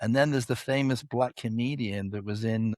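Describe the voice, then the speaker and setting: A man telling stories casually as a podcast guest, animated and swearing freely, acting out other people's voices. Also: medium pitch, normal speed, no echo, clean studio sound. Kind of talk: casual storytelling chat.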